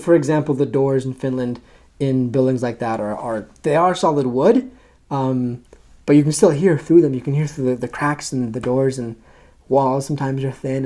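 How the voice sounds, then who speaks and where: A young man, a missionary, telling a story casually and haltingly, with many fillers and restarts. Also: medium pitch, darkish tone.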